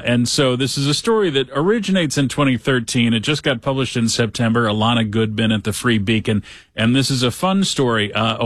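A man hosting a talk show, reading a news story aloud with sarcastic asides and lively quoting. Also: medium pitch, dry recording. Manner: sarcastic, animated when quoting others. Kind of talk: casual commentary reading news.

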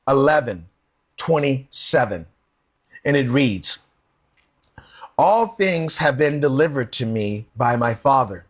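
Husky-voiced man preaching a sermon. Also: mid-range voice. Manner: earnest, rhetorical questions, reads verses aloud. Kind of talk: sermon with scripture reading.

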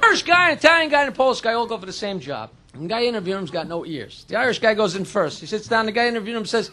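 A man's voice: sits high, big pitch swings, sharp tone. A man telling crude stand-up one-liners, putting on character voices. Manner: rapid joke-telling, puts on character voices. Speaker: stand-up comedian. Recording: noisy live club with crowd. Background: crowd and room noise.

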